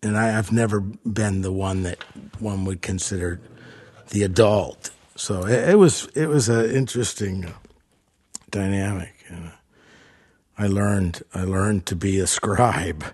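A man being interviewed as a musician guest, telling stories in a halting, rambling way and trailing off into mumbles. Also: sits low, a little mellow, husky.

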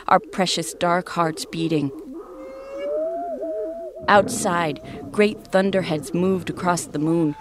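A woman reads a story aloud in a fairly low voice. Her delivery is wry and deadpan. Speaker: story reader. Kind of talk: dramatic story reading.

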